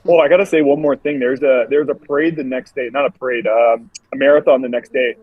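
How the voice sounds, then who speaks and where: A man's voice: mid-range voice, steady tone, husky. Hesitant male guest on a dull line. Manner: halting, hesitant starts. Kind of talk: casual chat.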